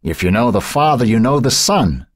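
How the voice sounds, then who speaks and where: A man doing a gruff, irritable editor. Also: mid-range voice, big pitch swings, normal speed, no echo, studio quality, pitched above the performer's own voice. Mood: grumbling. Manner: growling, grumbling. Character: gruff, irritable older male newspaper editor.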